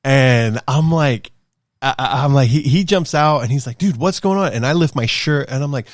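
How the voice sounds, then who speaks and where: A man's voice: normal speed, no echo, clean studio sound. Man in his thirties telling a story. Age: 30s. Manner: rambling, animated, acts out quotes in a high voice. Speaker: podcast host. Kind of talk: casual storytelling.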